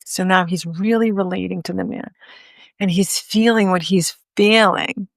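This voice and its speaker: Woman guest telling a story on a podcast, kinda gravelly, dry close sound, really earnest. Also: lowish voice, fairly even intonation, no echo. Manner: earnest, emphatic storyteller with pauses. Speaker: guest author and speaker.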